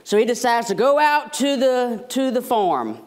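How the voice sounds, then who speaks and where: A man's voice: very high-pitched, unhurried. A man, an associate pastor, preaching a sermon and telling a story with jokes. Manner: storytelling, animated, self-deprecating jokes.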